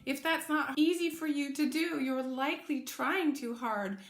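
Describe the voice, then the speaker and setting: A woman's voice: high-pitched, a little slow. A woman teaching a singing lesson, patiently explaining and demonstrating vocal sounds. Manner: patient, encouraging, demonstrates with sung vowels and cat meows. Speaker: choir voice teacher. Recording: echoey room with music in the background.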